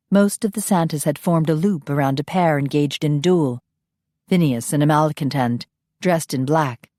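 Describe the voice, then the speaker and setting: Audiobook narrator, woman, low voice, dry close recording, measured reading. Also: mellow, no room sound. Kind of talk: scripted narration.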